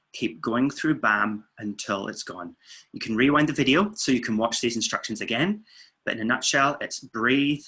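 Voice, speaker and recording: A man, a weight-loss coach, calmly guiding listeners through muscle tensing and breathing exercises. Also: fairly low pitch, husky. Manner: calm, steady counting and coaching. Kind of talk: guided relaxation instructions. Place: indoors, filming himself.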